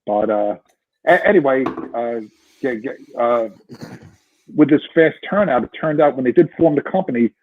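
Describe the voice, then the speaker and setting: A man in his sixties, a retired fire lieutenant, telling a story as a podcast guest in a lively, restarting way. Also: mid-range voice, normal speed, a little hiss or hum. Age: 60s. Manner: animated storyteller, frequent restarts. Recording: tinny phone-line sound.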